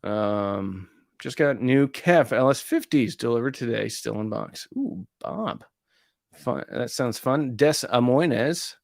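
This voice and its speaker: A man's voice: medium pitch, takes it slowly, vocal fry, no room sound, studio quality. A man hosting a live stream, casually reading out viewer comments and answering them. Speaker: host of an audio gear channel.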